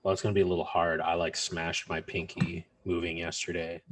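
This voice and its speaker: Deep-voiced joking American man. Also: flat delivery, fairly quick, a bit bright, slight background noise. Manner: joking, laughs often, mock exclamations. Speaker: podcast co-host. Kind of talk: casual chat.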